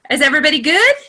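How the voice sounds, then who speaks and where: A woman leading a video-call coaching session, excitable and earnest, her voice climbing high when she gets excited. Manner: earnest and encouraging, building to heartfelt pep talk. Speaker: group leader.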